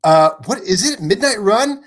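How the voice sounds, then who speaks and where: A man on a livestream as a guest, chatting casually in a rambling, animated way, full of fillers and laughs. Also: high-pitched, a little slow. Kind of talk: casual chat. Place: home, on a livestream.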